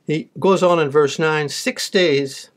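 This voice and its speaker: Male preacher, pitch a touch high, reads verses then explains them plainly. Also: slow. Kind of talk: sermon with scripture reading.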